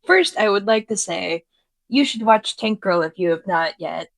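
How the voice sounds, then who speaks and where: A woman co-hosting a casual commentary podcast, recapping facts in a relaxed way with many ums. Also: mid-range voice, moderate pace, no echo. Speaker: podcast co-host.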